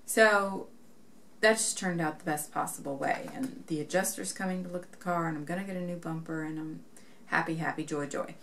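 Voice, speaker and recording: A chatty young woman tells a story straight to camera, with a voice sitting a little lower than most women's. She acts out the lines of the people in her story as she goes. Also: a little fast, gravelly, fairly bright tone, slight background noise. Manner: chatty, retells events acting out quoted dialogue. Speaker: knitting vlogger.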